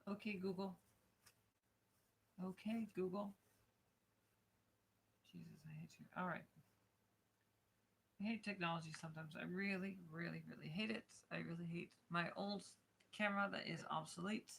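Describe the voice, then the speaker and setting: A woman's voice: fairly low pitch, fairly even intonation, fairly quick, creaky, fairly bright tone, a little hiss or hum. A woman streaming live, grumbling in frustration and swearing in casual chat before reading a book aloud.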